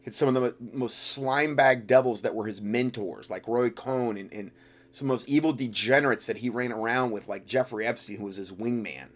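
A man co-hosting a talk radio show, cutting in with forceful quick asides. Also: mid-range voice. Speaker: radio co-host.

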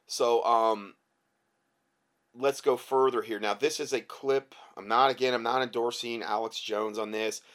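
A male talk-show host with an ordinary, mid-pitched voice addresses his listeners in loose, rambling commentary. He leans on emphasis and often restarts his sentences mid-thought. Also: fairly even intonation, a little slow, fairly bright tone. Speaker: podcast host.

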